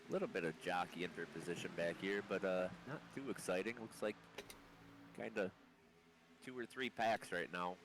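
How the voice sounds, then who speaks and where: Deep-voiced guy calling a race, kinda sick and muffled, faint noise behind. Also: normal speed. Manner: reads a long lineup, stumbling on names. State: under the weather, muffled voice. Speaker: race commentator. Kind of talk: live sim racing commentary.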